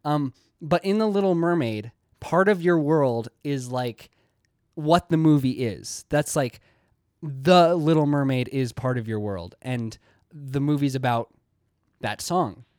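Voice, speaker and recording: A man's voice: mid-range voice, a little slow, a little mellow, no room sound, clean studio sound. A young man hosting a casual video essay, rambling with many "likes" and restarts.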